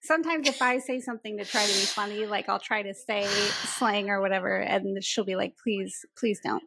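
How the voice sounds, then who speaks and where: A woman hosting a podcast, asking questions in a relaxed, casual interview. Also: medium pitch, a little fast, creaky, no echo. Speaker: podcast host.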